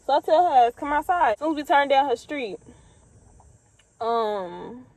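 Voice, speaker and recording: A woman's voice: high-pitched, animated, a little slow, darkish tone, no echo, rough recording. A young woman from the US Midwest telling a storytime in a blunt, profane, laid-back way with lots of fillers. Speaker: vlogger. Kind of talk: casual storytime.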